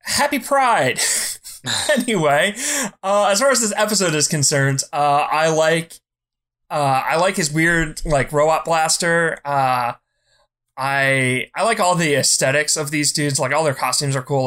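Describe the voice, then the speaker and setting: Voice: mid-range voice, a little slow, a bit bright. Blunt, profane podcast co-host. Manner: blunt, profane, heated ranting; repeats words when starting. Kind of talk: casual chat.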